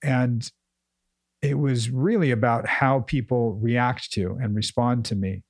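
A man's voice: medium pitch, slow pace, no room sound, clean studio sound. A man co-hosting a casual chat, explaining his coaching approach emphatically and often repeating words as he thinks. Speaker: podcast co-host, coach.

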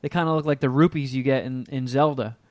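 A man's voice: medium pitch, steady tone, fast talker, dry recording. A man hosting a podcast, telling rambling stories in casual chat with lots of swearing. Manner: rambling storytelling, heavy swearing. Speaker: podcast host.

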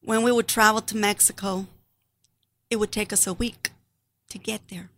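A woman's voice: mid-range voice, fairly even intonation, moderate pace, a bit bright. A middle-aged woman giving an earnest, grieving personal testimony about her family.

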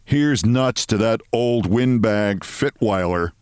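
A man playing a quiet, prim clerk. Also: lowish voice, slow pace, smooth, no room sound. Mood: deadpan. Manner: quiet, calm and dry. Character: meek, prim middle-aged male office clerk.

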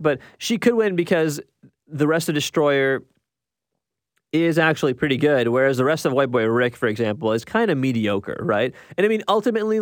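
A man's voice: mid-range voice, no echo, clean studio sound. A young man hosting a podcast, giving a casual spoken film review full of restarts and tag questions. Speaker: podcast host reviewing films.

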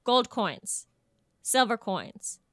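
A woman's voice: on the high side, drawn-out words, dry recording. A young woman co-hosting a casual podcast, mixing folklore with crude jokes. Her voice bounces through a wide melodic range. The recording is close and dry. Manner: animated, jokey, swearing storyteller. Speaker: podcast co-host.

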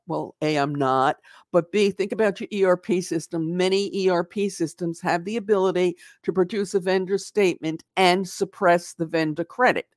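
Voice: mid-range voice, dry recording, studio quality. A channel host giving an unscripted accounts payable lesson, talking emphatically and conversationally, often checking in with "okay?" and stressing points with a punchy "poof". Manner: dramatizes losses with "poof". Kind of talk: unscripted explanatory video lesson.

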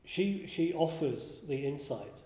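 A man giving a contemplative spiritual talk, speaking slowly and reflectively, often pausing and restarting his phrases. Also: fairly high pitch, expressive, warm tone. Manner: slow and reflective, with frequent restarts and pauses. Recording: roomy hall with long reverb.

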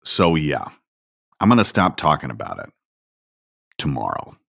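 Deep, slow-talking podcast host. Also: male voice, big pitch swings, creaky, a bit bright, dry recording, clean studio sound. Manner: chatty, self-deprecating, storytelling. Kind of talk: conversational podcast talk.

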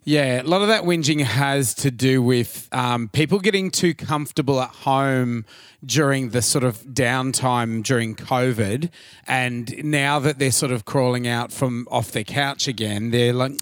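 A man with an Australian accent co-hosting a podcast in casual chat, easygoing and quick to agree with his co-host. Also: mid-range voice, no room sound, studio quality. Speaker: podcast co-host and tribute band singer.

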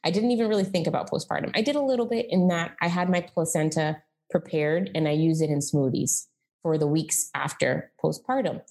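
A woman in her thirties tells her personal story as a podcast guest, candid and chatty and full of "like" and "um." Her deep voice is a little mellow and runs a bit fast.

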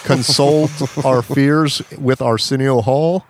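A man co-hosting a podcast, chatting casually and telling stories with bursts of excitement. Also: takes it slowly, no room sound. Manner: animated storyteller, jumps to high excited pitch. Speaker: podcast co-host. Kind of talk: casual chat.

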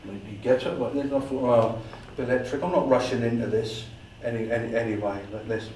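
Englishman at a society meeting, animated storyteller who acts out his own dialogue, heard from far off in an echoey room. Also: medium pitch, fast talker, a little hiss or hum. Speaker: paranormal investigator giving a talk.

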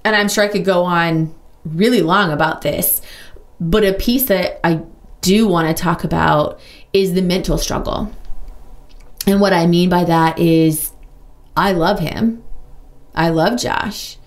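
A woman hosting a podcast, talking openly and casually about her own life, with lots of "like" and quick asides. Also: fairly low pitch. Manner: open, chatty, full of "like" and quick asides. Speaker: podcast host. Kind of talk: candid personal monologue.

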